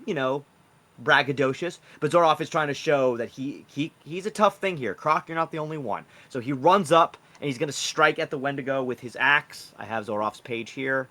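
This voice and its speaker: A man's voice: mid-range voice, moderate pace, pushed and bright. A man narrating a tabletop game as game master, rambling with many fillers.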